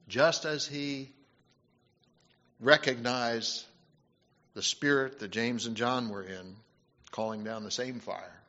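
In a mid-range voice, a man preaches, moving between emphatic, loud stretches and quiet, hushed moments while stumbling into restarts and fillers. It's a dull, lo-fi recording.

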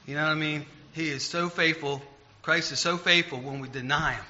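A man delivers a casual, folksy sermon, wandering through stories about himself. His voice is very bright and sits a little high. He slows down for the scripture he reads, and the recording sounds dull and lo-fi. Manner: folksy, rambling, self-deprecating, reads scripture slowly. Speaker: lay preacher. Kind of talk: informal sermon.

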